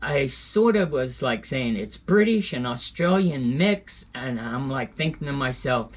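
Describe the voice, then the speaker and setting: A man's voice: medium pitch, expressive, a little slow. A man telling a casual travel story as a vlogger, rambling with fillers and self-corrections.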